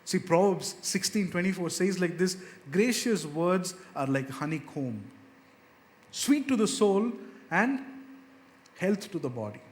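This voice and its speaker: Man preaching in a reverberant church hall. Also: expressive. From India. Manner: earnest, rises in pitch and slows down on scripture verses. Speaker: pastor. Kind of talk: sermon. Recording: long reverb of a church hall, faint ambience.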